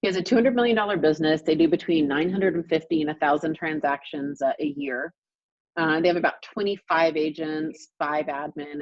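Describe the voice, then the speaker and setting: A woman's voice: low voice, husky, dry recording, lo-fi sound. A woman real estate coach leading a group coaching call, speaking emphatically and repeating points for stress, over a video call.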